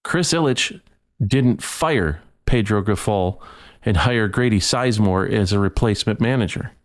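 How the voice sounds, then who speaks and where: This podcast host is a man ranting heatedly about sports, repeating himself and tripping over his words. His voice is on the low side, expressive, and unhurried.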